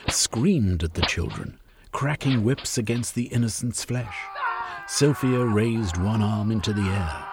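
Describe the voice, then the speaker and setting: A man narrating a story aloud in a measured, expressive reading. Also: lowish voice, breathy edge. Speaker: audiobook narrator.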